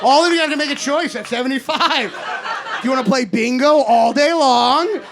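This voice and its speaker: A man in his thirties from Kentucky doing an animated, sarcastic stand-up set on a comedy club stage, swinging between loud rants and mutters. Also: very high voice, normal speed, creaky. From Kentucky, USA. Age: 30s. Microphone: handheld stage mic. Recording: live club recording with audience noise. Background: audience laughter.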